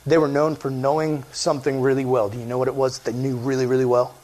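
A man preaching a casual sermon in an animated, conversational way, quizzing his listeners as he goes. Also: mid-range voice, fast talker.

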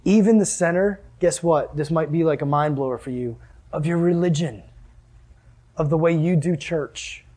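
A young man preaching a sermon as a youth pastor, animated, acting out scenes and asking the audience questions. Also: a little high, normal speed. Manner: animated, acts out scenes with sudden exclamations and laughs.

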